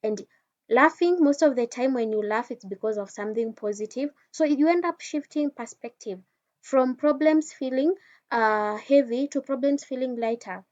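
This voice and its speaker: A woman's voice: high voice, normal speed, darkish tone. A woman giving an informal wellness teaching talk, speaking straight to the listener in a conversational way with frequent restarts. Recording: dull lo-fi sound.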